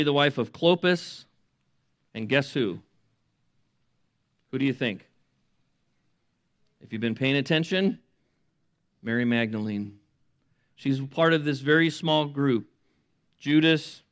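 A man's voice: mid-range voice, fairly bright tone, no echo. A middle-aged male pastor giving a sermon, retelling scripture and acting out the people in it, with swells of intensity. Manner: dramatic retelling with voiced quotes, rising to emotional peaks.

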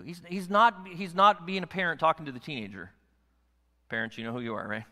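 A man preaching a sermon to his congregation, animated, swinging between hushed and forceful delivery. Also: a little high, brisk. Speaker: pastor. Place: church sanctuary. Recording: long hall reverb.

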